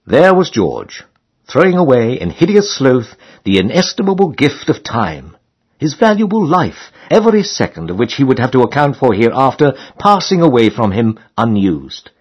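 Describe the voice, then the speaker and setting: A male audiobook narrator reading a comic novel in a slightly husky voice. His pitch rises and falls expressively, and his delivery stays dry and mock-solemn. He speaks in a mid-range register. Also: very animated, normal speed, lo-fi sound. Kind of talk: scripted narration.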